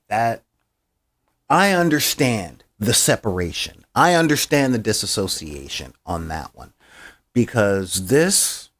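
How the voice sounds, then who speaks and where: A man hosting a podcast, recapping an episode in casual, slangy and heartfelt chat. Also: fairly low pitch. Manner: slangy, heartfelt, with frequent fillers. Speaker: podcast host.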